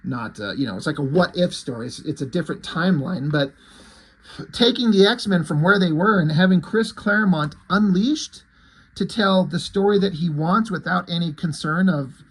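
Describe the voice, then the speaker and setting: Husky-voiced man casually recapping a comic. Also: high voice, normal speed. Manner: casual, profane, enthusiastic. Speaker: comic book reviewer.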